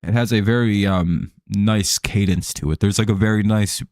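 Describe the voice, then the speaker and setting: A man's voice: lowish voice, quick pace, few pauses, a little mellow, dry recording, clean studio sound. A man hosting a live stream, casually commenting on a baseball game, rambling with many fillers and restarts and frequent chuckles.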